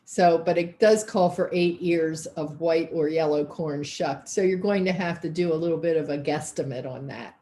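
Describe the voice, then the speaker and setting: A woman's voice: low-pitched, normal speed, few pauses, dark tone. Chatty woman teaching an online cooking class. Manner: chatty and folksy, thinking aloud. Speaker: cooking instructor.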